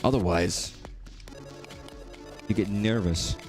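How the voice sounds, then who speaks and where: A man's voice: lowish voice, slow pace, a little mellow, faint music behind. A man chatting casually while streaming a game, rambling and swearing at enemies. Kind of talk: casual gaming commentary.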